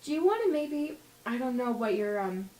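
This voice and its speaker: Woman reading awkward shy teen boy, high voice, halting, distant echoey room. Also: very animated, mellow, a little hiss or hum. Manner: hesitant, stumbling. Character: awkward nervous teenage boy, Evan. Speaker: audition reader.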